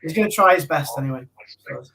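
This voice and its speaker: A man's voice: a little high, lively intonation, fast talker, gravelly, bright, forceful tone, rough recording. A man co-hosting a casual livestream chat, teasing and bantering with the others. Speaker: co-host of a fishkeeping livestream.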